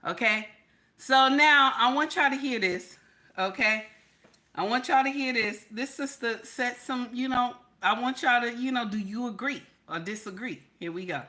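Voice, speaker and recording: Married lady ranting on her channel, high pitched, bright, cusses a lot. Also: normal speed. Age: adult, married. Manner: blunt, profane and animated. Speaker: channel host. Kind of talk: casual commentary to viewers.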